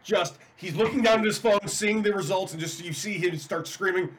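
A man's voice: high voice, normal speed, a bit bright. A man hosting a sports talk show, telling a teasing story in casual chat.

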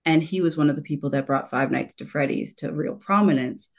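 On a conversational podcast, a woman in her forties speaks in a deep voice at a slightly quick clip. Her casual talk runs in long, meandering stretches full of restarts and laughter.

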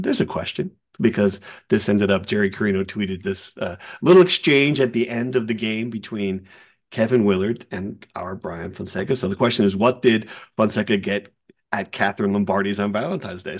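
A man hosting a casual sports podcast, a columnist who tells stories with energy and acts out other people's quotes. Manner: animated storyteller, acts out quotes in a high voice.

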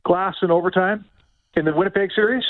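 A man's voice: high voice, a little fast, no echo, phone-quality sound. A man co-hosting sports radio, talking about hockey in an emphatic, indignant way and repeating points for stress. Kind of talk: heated hockey talk.

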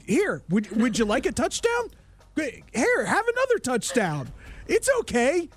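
A man with a high voice talks with wide swings of pitch on a football podcast. He is animated and stumbles over restarts as he piles on mock sarcasm. It's loose and conversational. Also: unhurried. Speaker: sports podcast panelist. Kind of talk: casual sports chat.

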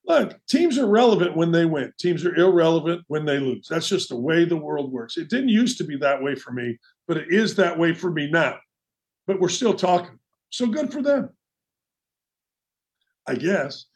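A man hosting a sports talk show, delivering a brash, opinionated monologue with mocking asides. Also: high voice. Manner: brash, animated, mocking asides and quoted voices.

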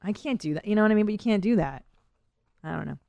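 A woman's voice: mid-range voice, expressive, quick pace, vocal fry, warm tone, no room sound. A woman in her thirties hosting a podcast, chatting candidly, laughing often and rambling with fillers. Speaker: podcast host. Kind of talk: casual podcast chat.

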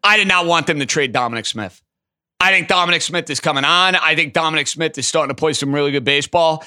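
A man's voice: a little high, clean tone. A man hosting a call-in sports talk show, taking callers and arguing his takes emphatically. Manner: emphatic, animated, quick to riff. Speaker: sports radio host.

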